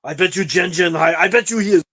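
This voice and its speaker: A man's voice: sits high, fast, sharp tone, slightly rough, pitched above the performer's own voice, heavily acted, rough recording. A man playing a boastful, paranoid vagrant who calls himself the alpha male, in a pompous, self-pitying sketch voice. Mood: indignant. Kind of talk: comedy sketch video.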